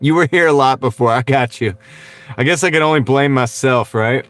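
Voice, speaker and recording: A man's voice: mid-range voice, normal speed, fairly bright tone. A Texan man chatting casually on a livestream from his car, laughing often and reading out viewer comments. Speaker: livestreaming delivery driver. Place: car, while driving. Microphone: wireless clip-on mic.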